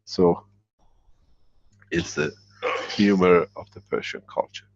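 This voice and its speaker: A man with a low, gravelly voice fields questions in an online workshop. He is blunt and joking, and his English is halting. The sound is dry and dull, like lo-fi video call audio. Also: fairly even intonation. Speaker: workshop speaker. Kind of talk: live online Q&A talk.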